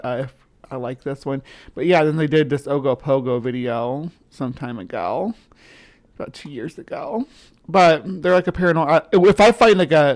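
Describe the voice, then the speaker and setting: A woman's voice: low voice, a little mellow. A woman from the central United States hosting a casual livestream, rambling, restarting her sentences and chatting with viewers as she goes. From central United States, between the South and upper Midwest. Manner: rambling, self-interrupting, chats with viewers. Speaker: livestream host. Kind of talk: casual live-stream chat.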